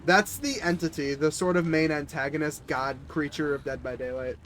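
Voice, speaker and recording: A man streaming a game while a little under the weather, his voice sitting a touch high. He chats easily with his viewers and the other players as he comments on the match, over a faint hiss of background noise. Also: moderate pace, fairly bright tone. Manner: chatty, talks to viewers and players. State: a little sick.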